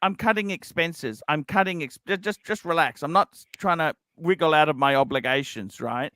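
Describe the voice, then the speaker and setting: A man with a high, bright, ringing voice pours out grievances in a rambling livestream chat, swearing freely and feeling sorry for himself. The sound is dry and close, with no room around it. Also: fairly quick, dry recording. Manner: complaining, swearing, self-pitying. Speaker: livestream host.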